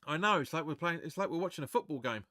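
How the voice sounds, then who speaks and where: Bright-voiced excitable football fan. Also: male voice, fairly high pitch, quick pace, no echo. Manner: excitable, chatty, swears, reads viewer comments aloud. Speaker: fan watch-along host. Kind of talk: live match watch-along commentary.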